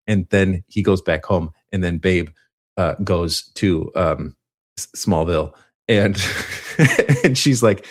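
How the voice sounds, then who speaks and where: A man with a deep, low voice tells a film's plot in loose, casual podcast talk. He rambles and stops to correct himself, and he laughs often as he goes. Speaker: podcast co-host. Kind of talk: casual movie recap.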